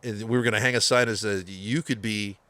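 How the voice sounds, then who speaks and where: A lowish, fairly quick male voice in a dry recording: a middle-aged man guesting on a podcast, telling stories casually in interview style. He's an animated storyteller who swears a lot and performs what others said.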